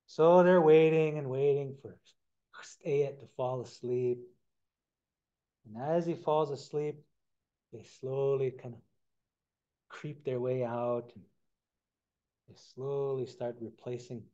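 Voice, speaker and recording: A man retelling a traditional story in a relaxed, conversational way during a talk, on a dull lo-fi recording. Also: medium pitch. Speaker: storyteller and science lecturer.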